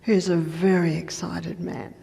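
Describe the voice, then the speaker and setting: A woman health educator giving a lecture, telling patient stories in a conversational way with soft asides. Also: lowish voice, level tone, normal speed, gravelly. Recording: reverberant lecture hall.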